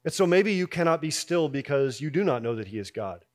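Male pastor, fairly high voice, casual conversational sermon delivery, soft drops for emphasis. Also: big pitch swings, a little fast. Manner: conversational preaching, drops soft on key lines, rises when voicing doubts.

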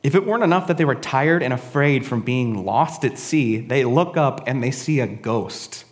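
A man's voice: mid-range voice, animated, moderate pace, in a large hall. A man giving a casual, conversational sermon, often adding "right?" and "honestly". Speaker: preacher.

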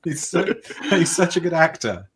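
A man's voice: fairly high pitch, sing-song, normal speed, slight background noise. A man chatting as a podcast guest, dry and opinionated. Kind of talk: casual chat.

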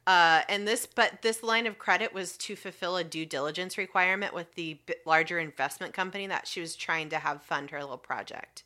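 A woman's voice: lowish voice, sharp tone. A woman casually retelling a story to a friend, swearing freely and laughing as she goes. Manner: profane, laughing, fast retelling with acted quotes.

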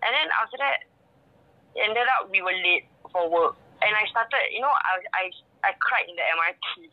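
A woman's voice: mid-range voice, moderate pace, highs cut off. A young woman with a Singaporean accent casually and dramatically telling a story about her work week. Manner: animated, dramatic retelling with laughs. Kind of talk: casual chat.

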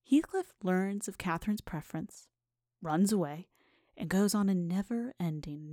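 Slow whispery woman narrator. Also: lowish voice, expressive, no room sound, clean studio sound. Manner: hushed, whispery storytelling. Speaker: host, librarian. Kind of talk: scripted narration and dramatic reading.

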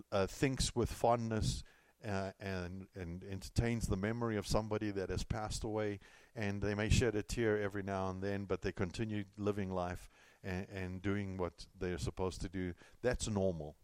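A man's voice: on the low side, level tone, normal speed, hardly any pauses, darkish tone, smooth, no echo. A middle-aged man preaching a sermon in a loose, conversational way, telling stories and repeating himself as he goes. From California. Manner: conversational, storytelling with self-repeats and asides. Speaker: pastor.

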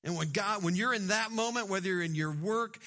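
A man's voice: high voice, brisk, pushed and bright. A middle-aged man preaching a sermon, joking and acting out quoted voices. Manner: humorous, acts out quoted voices. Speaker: pastor.

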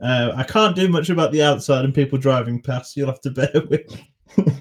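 A man's voice: mid-range voice, normal speed. A young man hosting a casual podcast chat, hesitant and restarting his sentences, often breaking into laughter. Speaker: podcast host.

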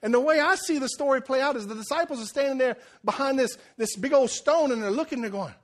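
A man's voice: extremely high pitch, fast talker. A male pastor preaching a sermon, telling the story with jokes and acting out quotes.

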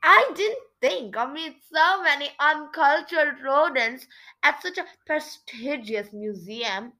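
A woman's voice: medium pitch, animated, moderate pace, sharp tone. A woman reading aloud, voicing a snobbish male rat who speaks with contempt. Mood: sneering. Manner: sneering, contemptuous.

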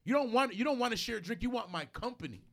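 A man's voice: extremely high pitch, lively intonation, fast talker, creaky, fairly bright tone. A man hosting a casual podcast, arguing heatedly, swearing and repeating himself when fired up. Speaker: podcast host.

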